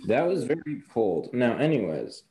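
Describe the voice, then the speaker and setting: A man's voice: mid-range voice, big pitch swings, normal speed, warm tone, slight background noise. A man leading a casual tabletop role-play discussion, asking pointed questions and teasing the players.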